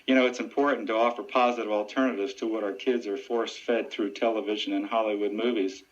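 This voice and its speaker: A man who works as a deputy sheriff and ventriloquist, answering radio interview questions in an earnest, steady and informative way. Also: on the low side, fast talker. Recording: dull lo-fi radio audio.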